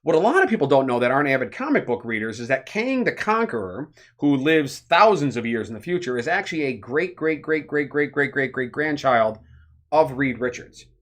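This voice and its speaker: A man co-hosting a casual podcast, explaining at length in an animated, rambling way with many fillers. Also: medium pitch, fairly quick. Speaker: podcast co-host.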